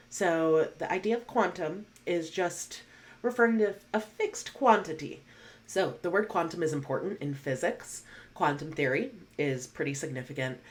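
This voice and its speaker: A woman teaching an online English vocabulary lesson, explaining words patiently and reading example sentences slowly and clearly. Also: sits low.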